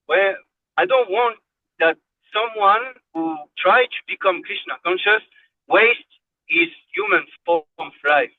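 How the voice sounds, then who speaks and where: A man's voice: high voice, measured pace, dry recording. A man giving a devotional class, fervent and exhorting, repeating phrases for emphasis. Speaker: spiritual class speaker. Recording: tinny phone-like line, dry.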